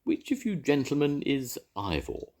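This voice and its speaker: A man's voice: medium pitch, wildly swooping pitch, measured pace, darkish tone, pitched above the performer's own voice. An older man voicing a large, posh, well-bred lady investigator who hoots and gushes, in a storybook reading. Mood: hooting gush. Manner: hooting, gushing.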